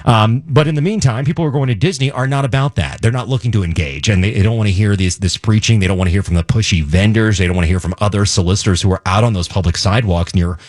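A man's voice: on the low side, quick pace, few pauses, darkish tone, no echo, studio quality. A man co-hosting a radio talk show, explaining a local issue in casual chat with frequent restarts. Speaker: radio co-host. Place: radio studio.

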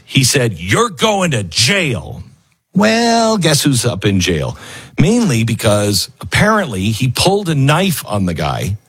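A man's voice: medium pitch, breathy edge. A man hosting a casual news commentary show, sarcastic and acting out the people he quotes. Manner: sarcastic, acts out quotes in other voices.

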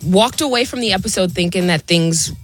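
A woman on a radio show excitedly recapping a TV episode in a fast, chatty way. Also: lowish voice, faint music behind. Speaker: radio co-host.

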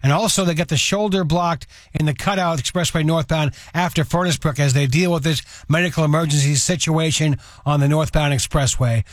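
A man giving a radio traffic report in a rapid, matter-of-fact rundown. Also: a little high, fairly even intonation, dry recording, studio quality.

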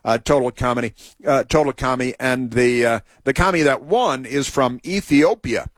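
A man's voice: medium pitch, moderate pace, dry recording. A man hosting a talk show, telling a meandering story full of restarts and asides, then moving on to political commentary.

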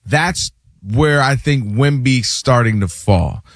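A man hosting a casual sports talk show, animated and quick to act out what others say. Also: mid-range voice, no echo, studio quality. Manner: animated, acts out quotes in other voices, repeats words.

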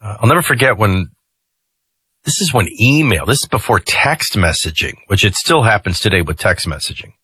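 Husky, forceful male radio host. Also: lowish voice, sing-song, moderate pace, dry recording. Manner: conversational, jokey asides. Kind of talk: talk radio commentary. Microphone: studio mic.

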